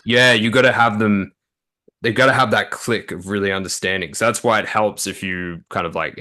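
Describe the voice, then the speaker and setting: A young man speaks in a low register with a bright, forceful edge. He explains dating advice casually, full of "like" and "you know.". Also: moderate pace. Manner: relaxed, filler-heavy explaining. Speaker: dating coach. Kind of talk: casual interview talk.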